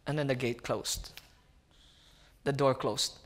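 A young man, preaching as a guest speaker and telling a personal story in an animated way, often calling his listeners friends. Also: mid-range voice, slow. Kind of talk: sermon storytelling.

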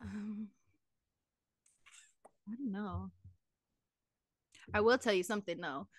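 A woman's voice: medium pitch, slow pace, dry recording, clean studio sound. A woman co-hosting a podcast, chatting casually and giggling as she tells stories. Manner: giggly, animated storytelling. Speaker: podcast co-host. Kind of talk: casual chat.

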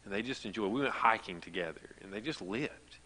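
A man's voice: lowish voice, lively intonation, fairly quick, sharp tone, long reverb tail. A man preaching a sermon as pastor, telling stories in a conversational way that builds to emphatic. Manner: conversational storytelling, rising to emphatic. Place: church sanctuary.

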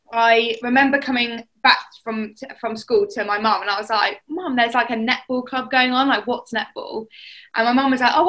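A young English woman chats easily through her sporting memories. Her voice is bright and a touch high, and she slips into other people's voices when she quotes them. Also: low-quality recording. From England. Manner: chatty storytelling, acts out quotes. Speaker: netball player. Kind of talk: casual chat.

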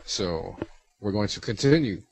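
A man's voice: on the low side, expressive, unhurried, gravelly, darkish tone. A man co-hosting a casual gaming podcast, reading listener submissions in a loose, chatty way. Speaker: podcast co-host. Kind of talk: casual chat.

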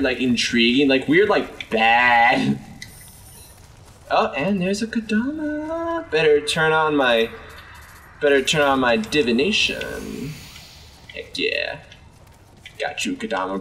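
A man's voice: slow pace, gravelly, far from the mic, slight background noise. A young man giving joking let's play commentary, chatting to game characters as he plays. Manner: jokey, talks to game characters, lively swings in pitch. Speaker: gaming video host.

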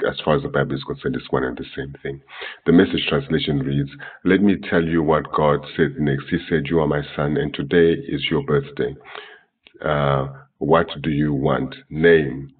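A man teaching from the Bible, reading verses from different translations in an unhurried, halting way, with many fillers, self-corrections and throat-clearing. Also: very deep voice. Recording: distant, tinny phone-like sound.

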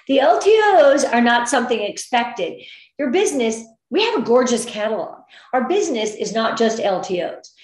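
A bright, higher-pitched middle-aged woman leads a motivational business training, upbeat and encouraging. She gets emotional at times, and her voice rings in an echoey room. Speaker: direct sales team leader.

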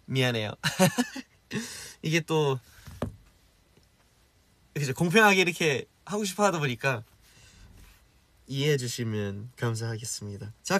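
A man's voice: mid-range voice, a bit bright. A young man in his twenties with an Australian accent, hosting a casual live stream and answering viewer comments in a rambling, easygoing way full of fillers. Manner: rambling, loose and easygoing, many fillers and restarts.

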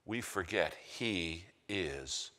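A man's voice: sits low, animated, very slow, bright, forceful tone. A man preaching a storytelling sermon with dramatic delivery that drops to a whisper for emphasis. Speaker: guest preacher. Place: large church sanctuary. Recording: long church reverb.

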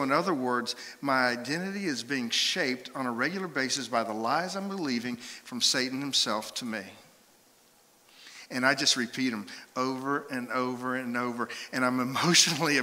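Bright-voiced pastor preaching in a hall. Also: male voice, medium pitch. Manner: animated storytelling, acts out voices and quotes. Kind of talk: sermon. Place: church sanctuary.

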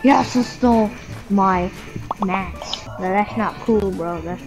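A woman in online game voice chat who swears constantly, accuses an opponent of cheating and breaks into high yells. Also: slow pace. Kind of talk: heated gaming voice chat. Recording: game audio with loud music behind. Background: loud background music.

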